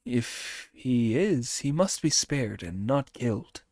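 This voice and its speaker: A man's voice: medium pitch, expressive, slow pace, darkish tone, no room sound, studio quality. Male reader doing a mild storybook monk master, slightly raised. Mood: benevolent. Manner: mild, merciful.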